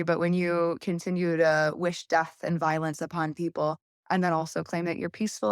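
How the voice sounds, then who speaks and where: A woman's voice: medium pitch, creaky, dry recording, clean studio sound. A young adult woman, a podcast guest, telling a long story candidly in a casual interview and acting out quoted voices.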